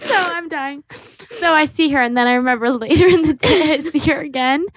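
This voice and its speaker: A young woman hosting a podcast, telling a story in a casual, animated way, acting out quotes and laughing often. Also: sits high, quick pace, no echo, clean studio sound. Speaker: podcast host.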